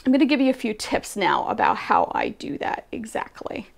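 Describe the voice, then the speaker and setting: Chatty woman with a gravelly voice. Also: mid-range voice, huge pitch swings, moderate pace. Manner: chatty and self-deprecating, thinks aloud. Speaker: quilting channel host. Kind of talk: casual sewing tutorial.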